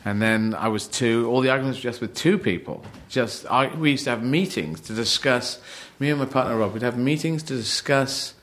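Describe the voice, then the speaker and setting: A man's voice: medium pitch, moderate pace, few pauses, fairly bright tone, slight background noise. A middle-aged man from England, a comedian in casual podcast chat, rambling and laughing as he talks, restarting his sentences often. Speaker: comedian guest.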